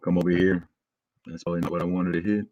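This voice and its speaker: Chill low-voiced guy streaming, hyping up chat, bit of morning voice, dry close mic. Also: flat delivery, quick pace, dry recording, highs cut off. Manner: hyped, friendly shout-outs to chat; laid-back, loose and rambling. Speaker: crypto livestream host. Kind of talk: casual livestream chat and walkthrough.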